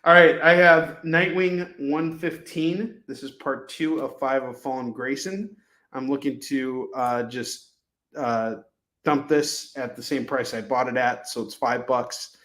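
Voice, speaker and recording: A man's voice: medium pitch, steady tone, a little slow, a bit bright. A man hosting a live comic-book sale, pricing issues in jokey, rambling sales patter. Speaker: host selling comics. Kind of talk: live shopping stream. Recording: echoey room.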